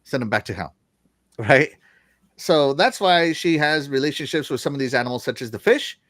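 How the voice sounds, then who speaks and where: A man's voice: medium pitch, moderate pace, fairly bright tone, no echo, clean studio sound. A man hosting a gaming news show, chatting casually in a rambling way and laughing often. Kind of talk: casual panel chat.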